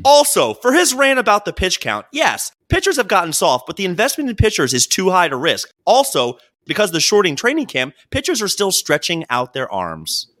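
A young man co-hosts a casual podcast, spinning stories with a bright, forceful voice. His pitch leaps all over as he acts out what people said. He sits a little above the usual pitch for a man. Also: a little fast, hardly any pauses. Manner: animated storyteller, acts out quotes. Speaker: podcast co-host. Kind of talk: casual chat.

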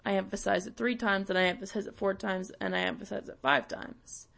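A woman's voice: medium pitch, fairly even intonation, fairly quick, gravelly, fairly bright tone. A young woman from Canada, hosting and ranting bluntly with swearing and sarcasm. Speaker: podcast host. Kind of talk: ranting monologue.

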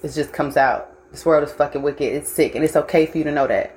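A woman's voice: sits low, quick pace, a little mellow, slight background noise. A young woman hosting a casual livestream, blunt and profane, mixing life lessons with frequent laughter. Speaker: host.

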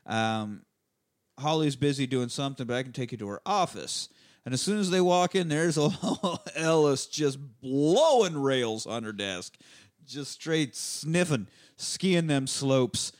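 A man hosting a podcast, recapping a movie in a loose, profane way and slipping into quick character voices. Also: medium pitch, lively intonation, no room sound, studio quality. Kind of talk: casual chat.

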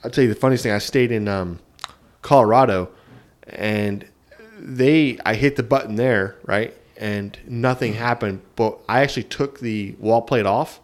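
A man's voice: fairly low pitch, normal speed. Laughing, storytelling podcast guy. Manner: animated storyteller who laughs mid-sentence. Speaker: podcast co-host. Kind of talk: casual chat.

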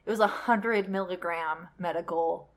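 A young woman telling a story in casual chat, animated and swearing freely. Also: on the low side, normal speed.

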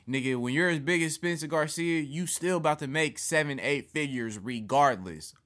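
A man hosting a casual sports podcast, profane and animated, getting loud when worked up. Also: mid-range voice, moderate pace, hardly any pauses. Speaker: podcast host.

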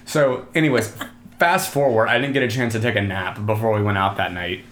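A man's voice: lowish voice, brisk, fairly bright tone, echoey room. A young man telling a long story in casual chat, rambling with lots of filler and laughing often. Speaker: podcast host telling a story.

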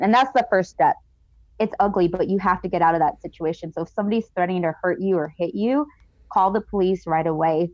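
A woman's voice: fairly low pitch, quick pace, darkish tone, dry recording. A woman guest on a podcast telling her story candidly, earnest and emotional. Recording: dull, dry sound.

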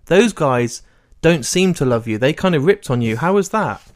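A man's voice: on the high side, lively intonation, moderate pace, no room sound, clean studio sound. A man interviewing a guest, asking eager, enthusiastic questions. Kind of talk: casual interview.

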